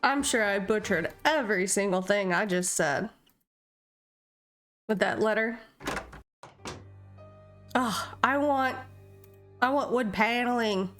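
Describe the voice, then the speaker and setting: A woman's voice: mid-range voice, takes it slowly, pauses often, fairly bright tone, faint music behind. A young woman streaming a video game, chatting casually in a playful, self-mocking way. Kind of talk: casual live-stream chat.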